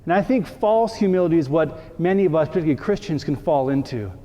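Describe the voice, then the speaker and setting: A high-voiced priest preaching in a reverberant church. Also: male voice, lively intonation, quick pace, dark tone, highs cut off. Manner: conversational, acting out little dialogues for the congregation. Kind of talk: sermon.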